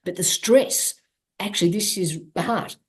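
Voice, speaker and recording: Aussie woman guest on a podcast, a bit low voiced, animated storytelling, lots of restarts. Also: a little slow. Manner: animated, acts out quoted dialogue, frequent restarts. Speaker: guest athlete. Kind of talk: candid interview storytelling.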